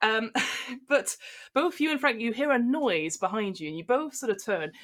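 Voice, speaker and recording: A woman's voice: on the high side, animated, normal speed, a bit bright. A woman narrating as game master in a comedic tabletop game, chatty and giggly with lots of fillers.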